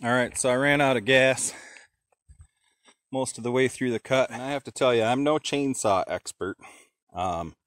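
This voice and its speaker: Outdoors by a pile of logs, a homesteader talks casually through his sawmilling, thinking out loud with plenty of fillers. His medium-pitched voice is a bit bright, moves at normal speed with long pauses, and carries no echo.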